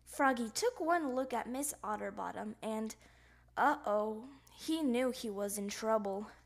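A woman reading a children's picture book aloud, with playful, expressive sound effects. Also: a little high, a little slow. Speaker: storybook reader.

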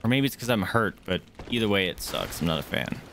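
A man's voice: on the low side, animated, fast talker, fairly bright tone, a little hiss or hum. A man streaming a game live, talking through his fights with frequent swearing, greeting viewers and chatting to his dogs. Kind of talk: live gameplay commentary.

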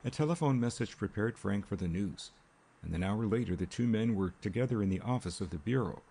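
A man narrating an audiobook in a measured, steady way. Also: lowish voice, creaky, husky. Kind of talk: scripted narration.

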